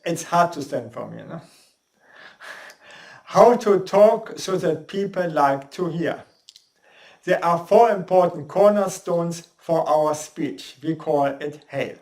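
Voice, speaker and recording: Man, voice coach, very slow deliberate delivery, non-native English phrasing, roomy echo. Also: a little high, expressive, a little mellow. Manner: slow, deliberate, demonstrates sounds. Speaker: voice and speaking coach. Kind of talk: instructional talk on speaking.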